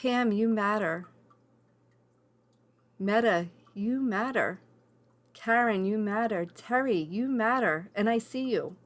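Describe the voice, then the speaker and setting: A woman's voice: mid-range voice, slow pace, long pauses. A woman leading a live online women's class over a video call, earnest and emotional, encouraging people by name.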